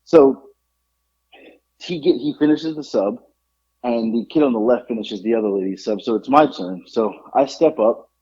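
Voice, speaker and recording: Male podcast co-host, lively storyteller, mellow tone, slightly muffled recording. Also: mid-range voice, normal speed, slightly rough. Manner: animated, acts out the people in his story. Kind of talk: casual storytelling.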